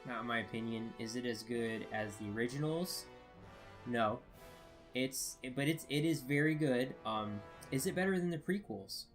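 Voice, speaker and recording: A man's voice: mid-range voice, moderate pace, soft background music. A man giving a casual spoken review, rambling with many fillers and restarts. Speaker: video reviewer.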